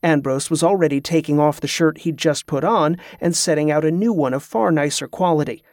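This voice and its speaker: A man narrating a novel as an audiobook, in a steady, even storytelling manner. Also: a little high, fairly quick, dry recording, studio quality.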